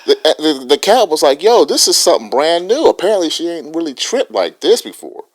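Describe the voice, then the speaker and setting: A man's voice: a little high, big pitch swings, brisk. A man co-hosting a podcast, animatedly retelling a story with lots of profanity. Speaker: podcast co-host. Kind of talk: casual podcast banter.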